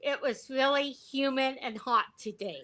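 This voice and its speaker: A woman from Canada, a guest on a livestream, giving brief, soft-spoken answers over distant call audio. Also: high voice, a little slow. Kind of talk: casual chat.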